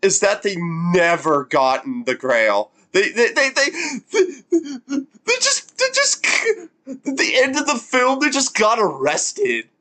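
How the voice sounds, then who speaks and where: A reaction streamer rambles casually with lots of stammered restarts and frequent laughter. The voice swings widely in pitch, while the overall delivery stays unhurried. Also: very animated, bright, forceful tone.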